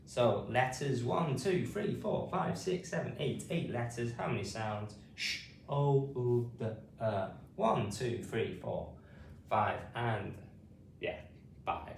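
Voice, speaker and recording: British male phonics teacher, slow and patient, spells words out, roomy distant mic, faint hiss. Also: mid-range voice, animated, vocal fry. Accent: British English. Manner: patient, repetitive, says each word then spells it letter by letter. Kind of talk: slow spelled-out pronunciation lesson.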